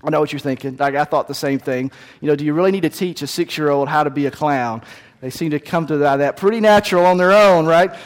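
A man's voice: fairly high pitch, fast. Folksy male pastor in an echoey hall. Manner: conversational, folksy storytelling with frequent restarts. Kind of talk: sermon.

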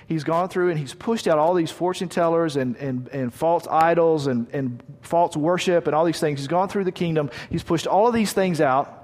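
A man's voice: a little high, moderate pace, few pauses, a little mellow. A man preaching a sermon, reading scripture aloud and retelling the stories in a conversational way with frequent restarts. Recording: long hall reverb.

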